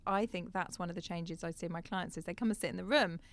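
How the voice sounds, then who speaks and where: A woman's voice: fairly low pitch, fast. A middle-aged woman, a coach, talking candidly and reflectively in a podcast conversation. She laughs often mid-sentence and has a slight cough. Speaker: coach and guest.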